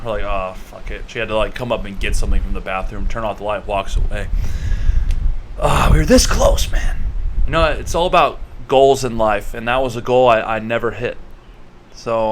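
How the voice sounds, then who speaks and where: Young man, vlogger, casual storytelling, rambling, mid pitch, faint noise behind. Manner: animated, acts scenes out with gestures and repeats; loose, rambling with many fillers.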